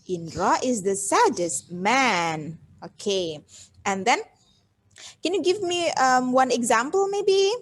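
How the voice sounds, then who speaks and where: Young Indonesian-accented woman as a teacher, slightly high voice, asks the class questions as she goes. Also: expressive, slow. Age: young adult. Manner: code-switching, coaxing questions to the class. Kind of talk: micro-teaching grammar lesson.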